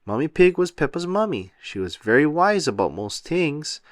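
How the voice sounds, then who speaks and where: A man reads a children's storybook aloud with an animated, sing-song lilt. His voice sits fairly high and swoops through a wide range. The recording is dry and close. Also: normal speed, no room sound. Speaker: children's book reader.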